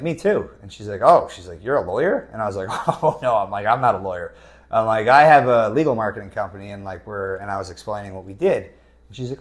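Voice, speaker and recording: A young man from Canada telling a personal story in a loose, casual way, with lots of fillers and swearing, and quoting other people in his own voice. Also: lowish voice.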